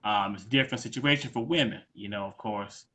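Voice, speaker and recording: Relaxed male co-host, bright open tone, thoughtful chat. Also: on the low side, brisk. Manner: laid-back, reflective, acts out quoted lines. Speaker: podcast co-host. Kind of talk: casual conversation.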